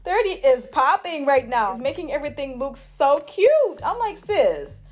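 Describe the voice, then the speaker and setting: A woman's voice: sits high, big pitch swings, normal speed. A woman chatting through a hair tutorial in a hyper, gushing way, calling her viewers honey and sis. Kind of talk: casual tutorial chat.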